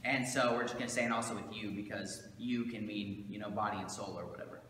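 A man's voice: on the low side, fairly even intonation, fast talker, bright, forceful tone, a little hiss or hum. A man, a pastor, teaching his congregation in a casual, conversational way with many fillers and asides, recorded in a church sanctuary. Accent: Southern American. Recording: roomy church hall with long echo.

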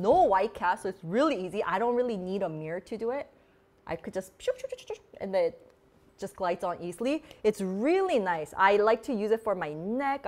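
A woman hosting a beauty vlog, chatting casually and bubbly while demoing products, with lots of "like" fillers. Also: mid-range voice. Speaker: beauty vlogger host. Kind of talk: casual live product demo chat.

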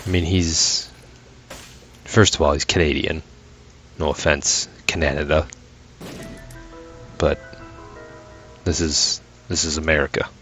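Gaming host, male, low and unhurried, sweary sarcastic rants, late-night weary. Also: steady tone, fairly bright tone, faint music behind. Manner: ranting, profane, sarcastic asides. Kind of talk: casual gameplay commentary.

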